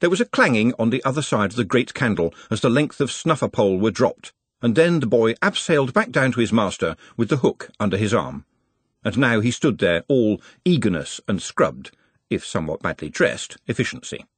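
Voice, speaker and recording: A man reading a comic novel aloud as an audiobook narrator, in a wry, expressive storytelling manner. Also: medium pitch, a little fast, husky, no room sound. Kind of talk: scripted narration.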